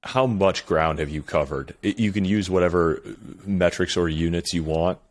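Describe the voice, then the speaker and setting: A man in a casual podcast conversation, asking probing questions and giving steady practical advice. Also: low-pitched, normal speed.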